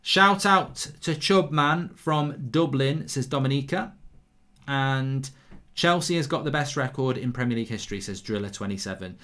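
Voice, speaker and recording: A man's voice: medium pitch, animated, moderate pace, sharp tone. A man hosting a live football watchalong, calling the action, cheering goals and reading viewer comments aloud in casual chat. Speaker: watchalong host.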